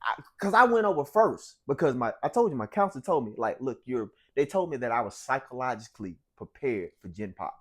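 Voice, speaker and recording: A man's voice: a little fast, hardly any pauses, slightly rough. A young man, an interview guest, telling a story in casual talk and acting out the people he quotes. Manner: animated, acts out quotes with big pitch jumps.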